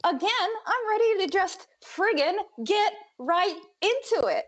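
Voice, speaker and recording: A woman's voice: very high voice, animated, unhurried. A woman with a giddy, exclamatory manner, chatting casually as a player on a live stream.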